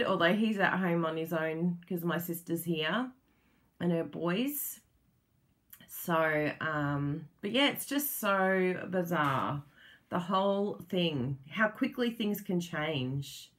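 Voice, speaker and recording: An Australian woman hosts a crafting livestream and chats easily with her viewers, her voice a little low and her pace unhurried. She laughs often and lets her thoughts wander and trail off as she talks. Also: animated, fairly bright tone. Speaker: crafting channel host. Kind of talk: casual livestream chat with viewers.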